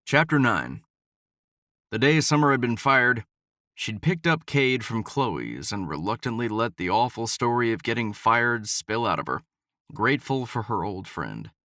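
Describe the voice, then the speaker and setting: A man reading a romance novel aloud as audiobook narrator, in an even storytelling delivery. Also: medium pitch, moderate pace, no room sound, studio quality. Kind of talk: scripted narration.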